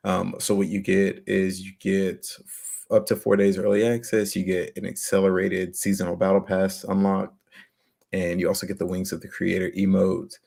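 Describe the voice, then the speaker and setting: A man's voice: deep voice, little pitch movement, moderate pace, gravelly, darkish tone, slightly rough. A man co-hosting a podcast, talking in a laid-back casual way with lots of fillers. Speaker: podcast co-host.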